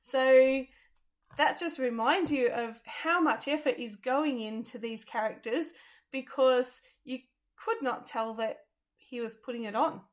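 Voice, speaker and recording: Female reviewer, slightly high voice, casual, hesitant, lots of fillers. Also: a little slow. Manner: thoughtful, hesitant with many ums. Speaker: theatre reviewer.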